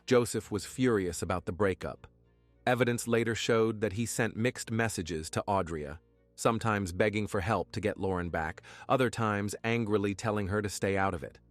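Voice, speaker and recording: A man giving scripted true-crime narration in a measured, even way. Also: on the low side, dry recording, faint music behind.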